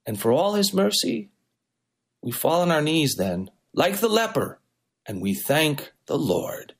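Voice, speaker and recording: A man's voice: fairly high pitch, very animated, a little slow, gravelly, husky. A male pastor delivering a sermon, preaching with varied, emphatic intonation.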